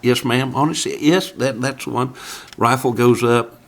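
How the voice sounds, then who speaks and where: Man telling lively hunting stories. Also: mid-range voice, normal speed, vocal fry. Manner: animated storyteller who acts out anecdotes. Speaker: guest outdoor writer. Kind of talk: casual podcast conversation.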